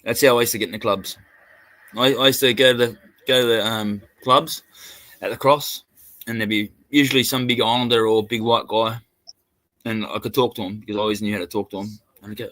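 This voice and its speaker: A man's voice: lowish voice, steady tone, fairly quick, long pauses, fairly bright tone, no echo. A man with an Australian accent telling crude, laughing anecdotes in a casual chat, slipping into put-on voices. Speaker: podcast co-host.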